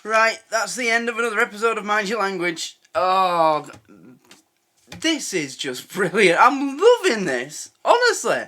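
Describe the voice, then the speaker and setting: Man, reaction video host, bright tone, rambling and laughing. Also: high-pitched, very animated, a little slow. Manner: chatty, laughs often, trails off and restarts. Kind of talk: casual reaction commentary.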